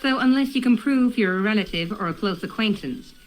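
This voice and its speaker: An actress voicing a prim, strict receptionist at a clinic in a video game, haughty and stern. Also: female voice, mid-range voice, animated, fairly quick, natural voice, poor audio.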